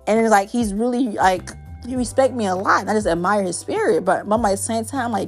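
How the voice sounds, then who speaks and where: A woman's voice: medium pitch, fast talker, faint music behind. A young woman talking candidly and at length in a personal podcast monologue, rambling with many fillers.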